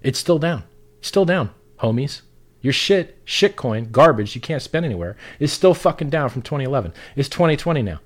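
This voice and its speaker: A man's voice: mid-range voice, sing-song, moderate pace. A man on a casual talk show, ranting bluntly and swearing constantly in a heated, profane way.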